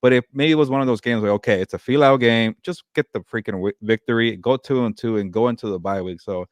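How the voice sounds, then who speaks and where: A man co-hosting a sports podcast, giving a quick, casual analysis of a game. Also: mid-range voice, no room sound.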